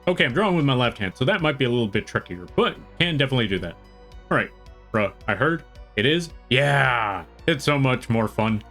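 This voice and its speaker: With faint music in the background, a western U.S. art streamer talks briskly, greeting his viewers by name in friendly, rambling chat. He has a mid-range pitch and a relaxed American accent with a light Southern twang.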